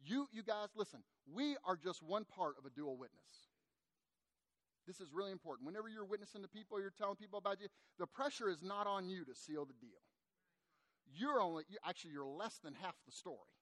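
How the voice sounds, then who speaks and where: A middle-aged man, a pastor, preaching a sermon in a conversational, animated way and speaking directly to his congregation. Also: high voice, brisk, dry recording.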